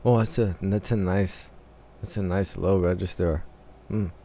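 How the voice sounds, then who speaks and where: A man with a fairly low voice talks casually through a music reaction. He analyzes the arrangement and the vocal parts as he goes, halting and restarting his phrases while he works out what he means. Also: fairly even intonation, warm tone, slight background noise. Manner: hesitant, restarting phrases while thinking aloud.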